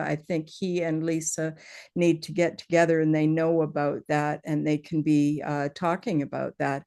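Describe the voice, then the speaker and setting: Lady hosting a video call, slowish, fairly low voice, thanks everyone and passes the floor. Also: darkish tone. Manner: enthusiastic, thanking and inviting others. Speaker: meeting host. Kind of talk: casual online meeting talk.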